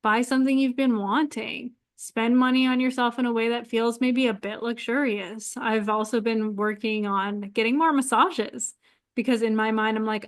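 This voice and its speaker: A young woman giving relaxed, chatty astrology advice straight to her viewers, laughing often and sprinkling in "like". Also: a little high, moderate pace. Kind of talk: casual solo advice talk to camera.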